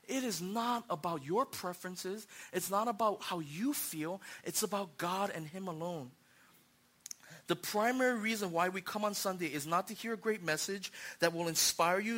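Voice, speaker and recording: Young male pastor, high voice, bright tone, animated sermon. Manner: animated, acts out voices, swings from hushed to shouting.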